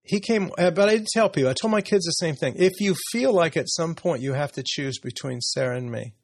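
A man in his late sixties speaks in a personal podcast conversation, his voice gravelly and slightly husky. He talks reflectively and openly, sometimes laughing softly. The sound is dry and close to the mic. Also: fairly high pitch, lively intonation, fairly quick, no room sound. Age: 60s. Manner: reflective, emotional, candid with soft laughs. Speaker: podcast host.

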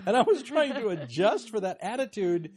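Gentle, fatherly higher-voiced older man. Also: sing-song, normal speed, husky. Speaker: podcast co-host. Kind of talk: reflective conversational podcast.

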